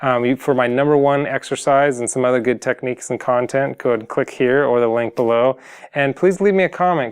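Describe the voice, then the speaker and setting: A man's voice: medium pitch, clear, resonant tone. A man giving motivational advice on singing, talking casually and earnestly to the camera, full of fillers and restarts. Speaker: singing coach.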